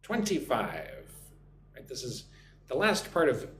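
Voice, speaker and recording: A man teaching English on a live stream, drilling pronunciation slowly and deliberately and thanking viewers by name. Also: medium pitch, wildly swooping pitch, a bit bright. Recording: roomy echo with faint hum.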